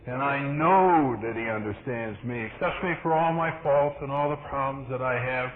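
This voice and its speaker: A man's voice: medium pitch, moderate pace. A man giving earnest personal testimony at a recovery meeting, telling his story and acting out the dialogue. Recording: tinny, hissy vintage tape recording.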